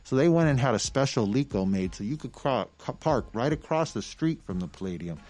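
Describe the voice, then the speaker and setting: A man spins a profane, lively yarn in a relaxed chat. He swears freely and acts out each quote as he goes. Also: mid-range voice, a little fast. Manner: profane, animated storyteller who acts out quotes. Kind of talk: casual storytelling chat.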